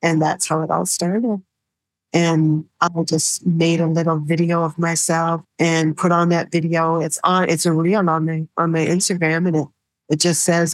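Low, flat-voiced woman telling her story. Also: no echo, low-quality recording. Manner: soft-spoken, halting, many fillers. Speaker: guest, survivor sharing her story. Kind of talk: personal storytelling in an interview.

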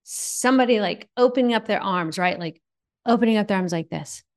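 A woman's voice: medium pitch, fairly quick. A woman co-hosting a faith conversation, speaking in an emphatic, preacherly, encouraging way. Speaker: co-host. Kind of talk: faith-based podcast conversation.

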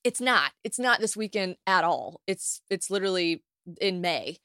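A young woman from the United States hosting a casual solo podcast, telling stories in a chatty, animated way with plenty of swearing and acted-out quotes. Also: on the low side, normal speed, smooth, no room sound, studio quality. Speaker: podcast host.

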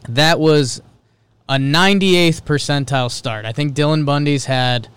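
A man co-hosting a baseball podcast in casual sports talk, excitable and jumping up in pitch to stress a point. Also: unhurried, clean tone, dry recording. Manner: excitable, jumps into high pitch for emphasis.

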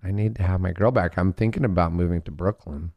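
A man's voice: sits low, quick pace, creaky, lo-fi sound. Rambling, giggly man in his fifties. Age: 50s. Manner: giggly, rambling, jumps between topics. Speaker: comedian guest. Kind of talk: casual podcast chat.

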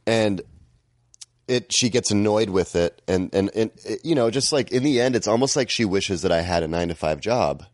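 Low-voiced laid-back comedian guest, man. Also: moderate pace, no echo, studio quality. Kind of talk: casual chat.

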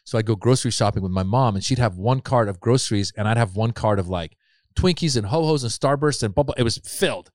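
Middle-aged guy telling stories, pretty animated, acts out what people said, dry close sound. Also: mid-range voice, fast, dry recording. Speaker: comedian guest. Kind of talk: casual storytelling chat.

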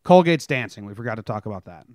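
A man's voice: lowish voice, expressive, fast, darkish tone, dry recording, clean studio sound. A man co-hosting a podcast, chatting casually about sports and TV, rambling and interrupting himself. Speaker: podcast co-host.

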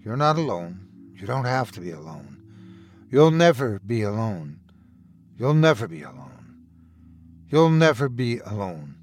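A man voicing a gentle, protective older brother who speaks softly and shakily to comfort him. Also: medium pitch, expressive, a little slow, a little hiss or hum. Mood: soothing. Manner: soft, shaky, hushed.

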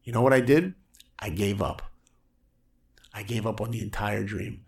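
Gravelly man telling an energetic story. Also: on the low side, normal speed. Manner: energetic, acts out quotes in raised voices. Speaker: guest storyteller. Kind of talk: animated storytelling on a podcast.

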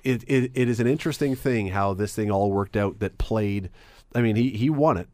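A man's voice: on the low side, moderate pace, mellow, no echo. A man hosting a radio sports talk show, chatting casually with many restarts and easy laughs.

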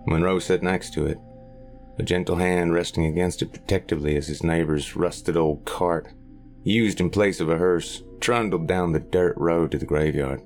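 A man narrating a horror story in a measured, grave manner. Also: low-pitched, fairly even intonation, a little mellow, faint music behind.

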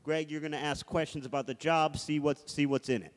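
A man with a fairly high voice runs a casual comedy podcast, bossily explaining an improv setup. The room gives a long echo. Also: steady tone, a little fast. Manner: bossy, sets up improv sketches. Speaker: podcast host. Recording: reverberant room.

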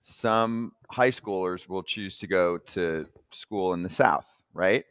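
A young man from New Jersey hosting a casual sports betting chat, talking in a chatty, animated way. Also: low voice, slow pace, clear, resonant tone, no room sound, studio quality. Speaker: sports betting podcast host.

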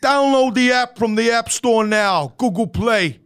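A man's voice: very high-pitched, measured pace, clear, resonant tone, soft background music. A Scottish man putting on a brash, swearing New York man who hard-sells a taxi firm. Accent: put-on New York American. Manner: loud, swearing, hard-selling.

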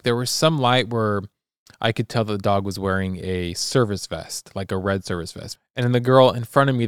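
Animated man telling a story. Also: fairly low pitch, smooth, no room sound, studio quality. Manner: animated, acts out sounds and quotes. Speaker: podcast co-host. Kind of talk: casual storytelling chat.

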